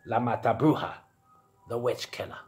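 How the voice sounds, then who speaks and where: A man voicing a gruff, stern male Ewok war chief with a raspy voice and clipped, broken speech. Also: medium pitch, moderate pace, darkish tone, natural voice. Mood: solemn.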